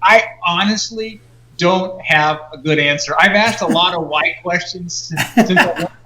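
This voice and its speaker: A man's voice: high-pitched, a little slow, bright, forceful tone, echoey room, slight background noise, poor audio. A man, a senator, answering interview questions earnestly over a video call.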